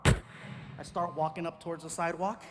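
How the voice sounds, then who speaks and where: A male stand-up comedian telling a story in an animated way and acting out each exchange. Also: a little high, moderate pace, very noisy. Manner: animated, acts out every exchange.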